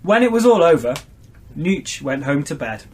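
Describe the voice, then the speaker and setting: A man's voice: fairly high pitch, very animated, a loud crowd. A man co-hosting a casual podcast, reading a comic story aloud with amused, easy delivery. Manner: slow, amused, laughs readily. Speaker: co-host reading stories.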